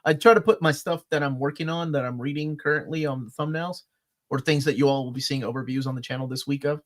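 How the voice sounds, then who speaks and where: A middle-aged man co-hosting a casual live chat, joking and telling stories with animated delivery. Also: a little high, quick pace. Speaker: co-host of a comics channel.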